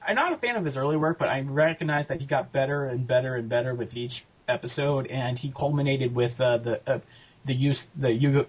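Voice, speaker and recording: Husky man rambling through interview answers. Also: medium pitch, dull audio. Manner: rambling, halting, with many fillers and restarts. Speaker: abridged series creator and voice actor.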